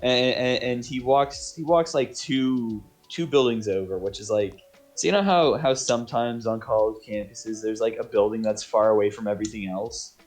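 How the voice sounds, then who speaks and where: A man's voice: medium pitch, normal speed, darkish tone, soft background music. A man narrating as game master on a tabletop game stream, casual and rambling, with many restarts. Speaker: dungeon master.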